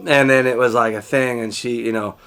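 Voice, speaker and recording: Man, mid-pitched voice, casual storytelling, rambling and candid, swears freely. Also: fairly even intonation, brisk, a bit bright, clear, resonant tone. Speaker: vlogger.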